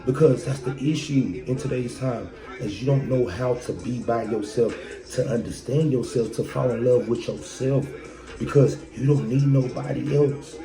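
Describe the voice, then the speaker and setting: A man's voice: medium pitch, moderate pace. A man hosting a podcast, giving a blunt, profane motivational monologue full of rhetorical questions. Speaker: podcast host. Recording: echoey room with loud music behind.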